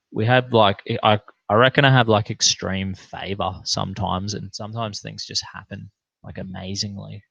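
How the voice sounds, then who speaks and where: A pastor telling a profane, animated anecdote in a casual way. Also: male voice, on the low side, gravelly, slightly rough, no echo, muffled recording. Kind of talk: casual storytelling.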